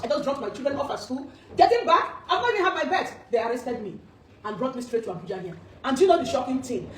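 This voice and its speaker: A woman, a business owner giving an earnest, urgent personal account that quotes what people said to her. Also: high voice. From Nigeria. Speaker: business owner making corporate gifts. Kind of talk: emotional personal testimony. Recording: echoey room, distant mic, faint noise.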